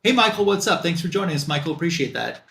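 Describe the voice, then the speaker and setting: A man's voice: on the high side, big pitch swings, fast talker, vocal fry, fairly bright tone. A man on a comic book show, casually recapping a plot in loose quoted dialogue with lots of fillers.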